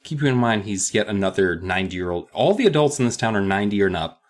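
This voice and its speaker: A man's voice: on the low side, lively intonation, fast talker. A man co-hosting a comedic book recap podcast, sarcastic and swearing freely. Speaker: podcast co-host.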